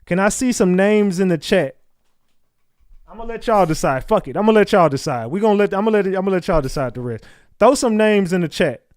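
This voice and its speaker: A man's voice: high voice, animated, fairly quick, a little mellow, no echo, clean studio sound. Slangy man hosting a livestream. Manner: loose, slangy, calls out chat names. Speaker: livestream host. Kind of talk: casual livestream chat with viewers.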